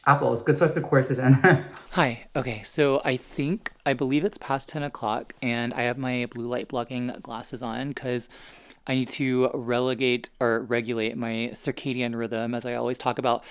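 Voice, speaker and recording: A man's voice: mid-range voice, level tone, normal speed, a bit bright, smooth. A man vlogging at home in a casual, rambling way, explaining skincare and anti-aging science. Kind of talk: casual vlog chat. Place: home, indoors.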